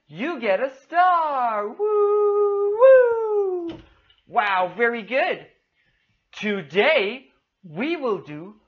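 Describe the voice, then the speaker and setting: A rather high-voiced woman leads a young child through an English lesson, stretching every word out slowly. She piles on cheerful, sing-song praise and calls names out loudly. The recording sounds dull and a little muffled. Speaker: English teacher for young learners. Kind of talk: demo of a kids' English lesson.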